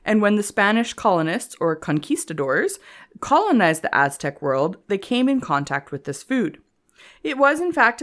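A woman co-hosting a casual comedy history podcast, reading her notes aloud and laughing often. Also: medium pitch. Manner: giggly, reads notes between jokes. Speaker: podcast co-host.

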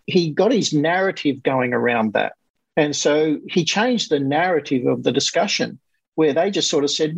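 A man coaching guest telling a client's success story in a lively, conversational way, acting out other people's lines as he goes. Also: fairly high pitch, moderate pace, gravelly, husky, no room sound, low-quality recording. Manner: animated, quotes others in lively voices.

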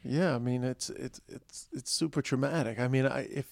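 A man's voice: medium pitch, steady tone, moderate pace, vocal fry, no echo. A man hosting an interview, asking blunt, sympathetic questions and swearing casually. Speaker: interviewer, host. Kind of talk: candid interview conversation.

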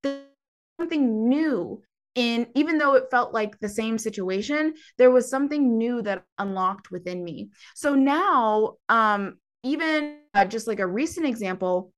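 A woman coach talking casually in an interview, animated and laughing often. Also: on the high side, a little slow, soft background music. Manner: animated, laughs often, acts out her own past voice.

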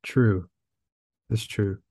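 A man's voice: fairly low pitch, steady tone, drawn-out words, dark tone, no echo. A young man co-hosting a podcast, teasing and laughing often. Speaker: podcast co-host. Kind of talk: casual chat.

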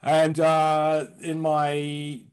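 A man in his fifties from London chats as a comedy guest. His voice sits fairly high, and his talk rambles with self-mocking asides. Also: monotone, drawn-out words, clean tone. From London, England. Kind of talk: casual podcast chat.

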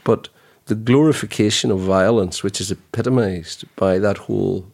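Man, podcast co-host, low pitch, gravelly voice, emphatic, sardonic. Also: normal speed, darkish tone. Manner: emphatic, sardonic, repeats points for stress. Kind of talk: casual podcast debate.

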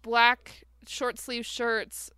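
A woman's voice: a little high, completely flat delivery, extremely slow, sharp tone, clean tone, no room sound. A woman co-hosting a podcast, chatting casually with fillers and easy laughter. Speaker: podcast co-host. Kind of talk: casual chat reviewing a TV episode.

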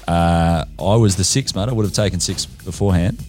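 Very deep-voiced hesitant man. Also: a little fast, darkish tone, faint music behind. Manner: hesitant, stammering. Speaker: quiz contestant. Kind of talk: casual podcast chat.

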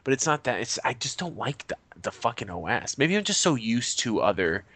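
A young man co-hosting a podcast in casual chat, animated, swearing freely and laughing often. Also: medium pitch, brisk, crowd noise. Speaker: podcast co-host.

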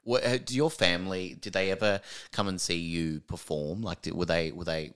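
A man's voice: deep voice, steady tone, normal speed, a bit bright, clean tone. A man hosting a podcast, asking questions and giving short encouraging replies. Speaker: podcast host. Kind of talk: interviewing.

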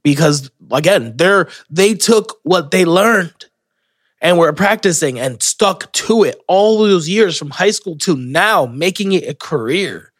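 A young man hosts his podcast alone, drifting through stories with swearing and restarts. He speaks slowly and a little high. His voice sits close and dry on the mic. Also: lively intonation, dry recording. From Florida. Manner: rambling, profane, self-interrupting storyteller. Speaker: podcast host. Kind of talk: casual solo podcast monologue.

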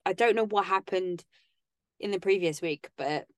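A woman's voice: mid-range voice, normal speed, no echo, clean studio sound. A woman co-hosting a podcast in casual chat, sarcastic and chatty, tripping over words now and then. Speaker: podcast co-host.

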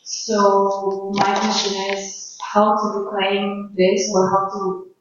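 An audience member asking a question, pausing and searching for the right words. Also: mid-range voice, monotone, noisy background. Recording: far from mic in an echoey room, dull.

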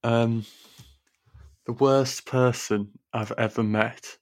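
A man with a breathy voice co-hosts a casual podcast. His pitch is mid-range and he answers in a laid-back, deadpan way. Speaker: podcast co-host. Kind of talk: casual chat.

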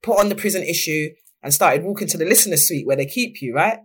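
A young woman, speaking as a guest on an interview show, telling her story frankly and lively, acting out what others said. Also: sits low, fast, breathy edge. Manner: lively, animated, acts out quoted voices. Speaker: podcast guest.

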